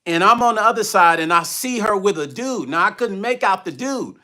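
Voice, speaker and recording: A middle-aged man telling stories on a casual livestream, with a high, bright, forward voice. He talks with passion, circles back on his own phrases and stops now and then to thank viewers. His delivery is loose and personal. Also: animated, fairly quick. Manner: passionate, repeats phrases, thanks donors mid-story. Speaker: music vlogger on a livestream.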